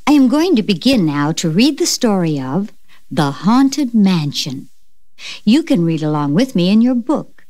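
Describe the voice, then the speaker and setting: A woman reads a children's storybook aloud at a slow, careful pace. Her voice is mellow, and her pitch rises and falls a lot. The sound is dry and close, and she drops to a whisper for the spooky parts. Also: very animated, no echo. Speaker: story reader. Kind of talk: children's storybook record narration.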